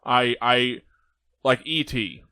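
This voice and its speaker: A man's voice: medium pitch, slow, bright, forceful tone, smooth, dry recording. A young man hosting a casual movie podcast, joking and rambling with friends, laughing often. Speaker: podcast host. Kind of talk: casual chat.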